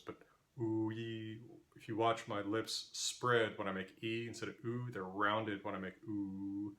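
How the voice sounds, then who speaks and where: A man's voice: on the low side, a bit bright. A man with an Interior West American accent teaching linguistics, explaining patiently and demonstrating vowel sounds aloud. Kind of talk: explanatory lecture.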